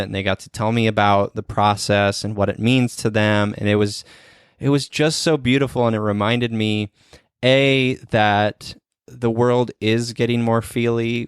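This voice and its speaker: A man hosting a podcast interview, talking in an earnest, gentle way with many pauses and ums. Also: on the low side, clean tone, dry recording, studio quality. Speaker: podcast host. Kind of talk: casual interview chat.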